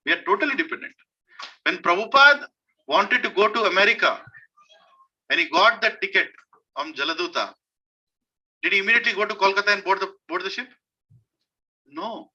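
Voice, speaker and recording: At a scripture study gathering, a man delivers a devotional sermon, telling a story and posing rhetorical questions. His pushed, bright voice acts out quoted speech, rising high and emotional, on a muffled recording.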